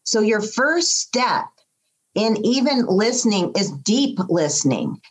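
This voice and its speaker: A woman's voice: medium pitch, low-quality recording. A woman guest in a podcast interview, speaking as a mindset coach in an enthusiastic, emphatic way. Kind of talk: casual interview.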